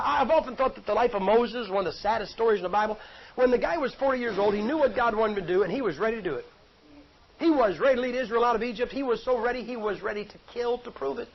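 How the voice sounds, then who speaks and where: A man preaching a sermon in a folksy, joking, conversational way. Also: very high-pitched. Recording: dull lo-fi recording.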